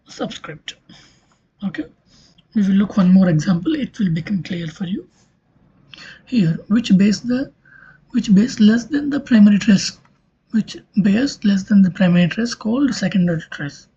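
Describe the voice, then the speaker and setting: Lecture voice: deliberate, repetitive teacher, heavily breathy, dull recording. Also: mid-range voice, warm tone. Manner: explains step by step, repeats key terms, frequent "okay". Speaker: linguistics lecturer. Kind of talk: recorded exam-prep lecture.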